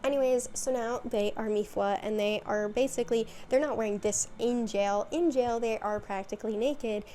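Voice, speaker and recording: A woman's voice: fairly high pitch, normal speed, mellow, slight background noise. A woman hosting a video, chatting through a casual, rambling recap with lots of fillers and asides. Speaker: video host.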